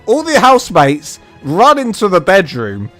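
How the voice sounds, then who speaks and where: A British man streaming a game and telling a rambling story, animated and full of restarts and asides. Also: high-pitched, unhurried, soft background music. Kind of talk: casual storytelling on a livestream.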